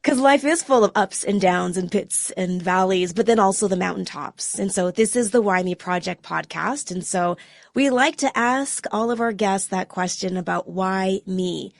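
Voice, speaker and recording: A woman co-host poses thoughtful questions to her guest. Her voice has a gravelly edge, and it sounds close and dry, with no room around it. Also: mid-range voice, normal speed, dry recording. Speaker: podcast co-host. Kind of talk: interview podcast.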